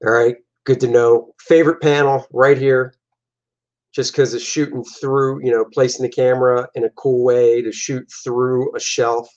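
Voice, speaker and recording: A man's voice: mid-range voice, level tone, moderate pace, a little mellow. A man, a comic artist and host, casually talking through his own artwork in a loose, jokey, rambling way. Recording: dull lo-fi recording.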